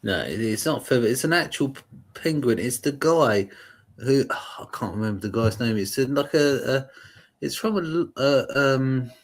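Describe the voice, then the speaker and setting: A man's voice: medium pitch, animated, moderate pace. A man in casual streamed chat, rambling and restarting as he hunts for words.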